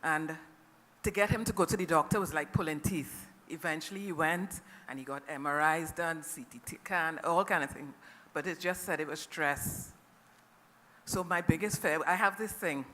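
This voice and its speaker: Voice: medium pitch, normal speed, sharp tone. A middle-aged caregiver from Trinidad and Tobago, with a Trinidadian accent, gives an earnest, emotional personal testimony to a conference audience and often checks in with them. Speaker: family caregiver speaking at a conference. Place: conference hall. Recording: long reverb of a conference hall.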